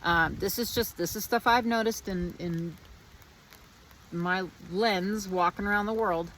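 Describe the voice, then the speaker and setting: A woman's voice: medium pitch, unhurried, a bit bright, a little hiss or hum. A woman vlogging outdoors in the rain, musing in a meandering, reflective way with many restarts. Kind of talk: casual spiritual reflection.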